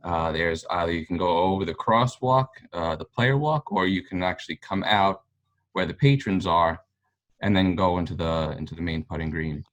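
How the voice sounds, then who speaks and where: A man's voice: low-pitched, normal speed, fairly bright tone. A man, a golf fan, telling a long story in casual chat, rambling with lots of fillers. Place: local pub.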